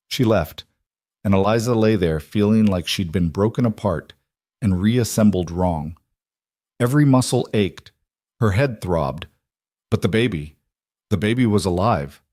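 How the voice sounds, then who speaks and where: A man narrating a storybook in a steady, measured way. His voice sits lowish. The recording is close and dry. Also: no room sound. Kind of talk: scripted narration.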